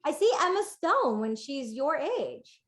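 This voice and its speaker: Upbeat woman with a fairly high voice. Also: sing-song, unhurried, a bit bright. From United States. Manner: upbeat, playful, earnest. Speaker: podcast guest, coach. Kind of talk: casual interview chat.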